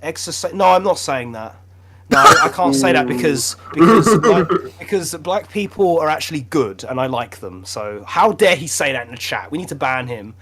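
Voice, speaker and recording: A man's voice: a little high, animated, normal speed, heavy background noise. A young man with a British accent, co-hosting a podcast in casual, laughing banter with mock outrage. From Britain. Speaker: podcast co-host.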